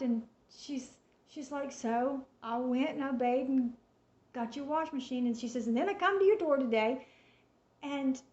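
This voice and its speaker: A high-voiced woman tells a personal faith testimony in a casual, chatty way, acting out each exchange as she retells it. Her voice comes through an echoey room on a muffled, lo-fi recording. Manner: chatty, animated retelling with quoted dialogue. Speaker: storyteller sharing a faith testimony. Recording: echoey room, dull lo-fi sound.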